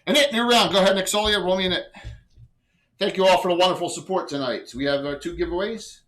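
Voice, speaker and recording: A man running a tabletop game as game master, chatty and loose, with quick rules asides. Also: high voice, fairly bright tone, low-quality recording.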